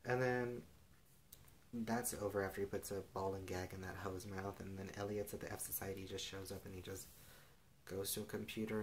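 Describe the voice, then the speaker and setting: Young guy recapping a show, low monotone voice, says like a lot, faint hiss behind. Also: low-quality recording. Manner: rambling, heavy use of "like" and "and stuff". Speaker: TV episode recapper. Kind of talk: casual rambling recap.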